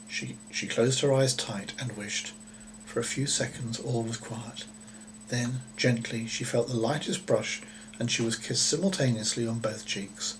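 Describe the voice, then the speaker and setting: A man reading a children's story aloud in a gentle, unhurried way, with occasional small slips. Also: mid-range voice, slight background noise, rough recording.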